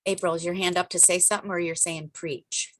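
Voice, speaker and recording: Energetic woman coaching on a video call. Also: lowish voice, a little fast, a little hiss or hum. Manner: energetic, emphatic, chatty with asides. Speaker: business coach hosting a group call. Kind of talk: motivational coaching talk.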